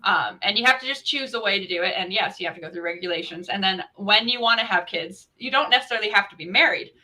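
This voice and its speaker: Bright-voiced opinionated woman. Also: mid-range voice, fast talker, rough recording. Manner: opinionated, rambling with restarts. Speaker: participant in group chat. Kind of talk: casual group chat.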